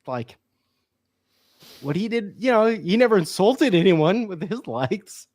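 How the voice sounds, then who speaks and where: A man's voice: sits high, sing-song, unhurried, darkish tone, no room sound. A man co-hosting a casual sports podcast, rambling through bits and breaking into giggles as he talks. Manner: giggly, rambling, breaks into laughter while reading. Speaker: podcast co-host.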